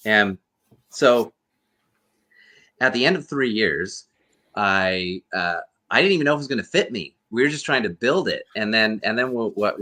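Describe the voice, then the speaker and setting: A man's voice: fairly low pitch, sharp tone. A man, a guest actor and costume performer, earnestly telling a rambling story over a video call. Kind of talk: casual storytelling interview.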